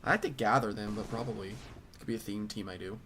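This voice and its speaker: A man's voice: fairly low pitch, fast, a bit bright, slight background noise. A tired young man answering chat questions offhand while he streams a game. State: tired, flat. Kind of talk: casual live-stream chat. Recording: game music behind the voice.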